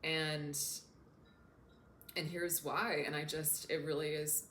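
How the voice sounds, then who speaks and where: Earnest low-voiced woman in echoey room. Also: little pitch movement, slow, fairly bright tone, slight background noise. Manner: earnest, openly emotional. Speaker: self-development coach. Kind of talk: casual talk to camera.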